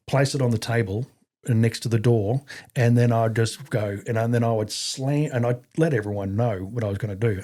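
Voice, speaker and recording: A middle-aged Australian man tells a story as a podcast guest. His voice is warm and mellow, sitting at an ordinary pitch. He talks bluntly, swears freely and rambles with restarts. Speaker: podcast guest, army veteran. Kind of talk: casual anecdotal storytelling.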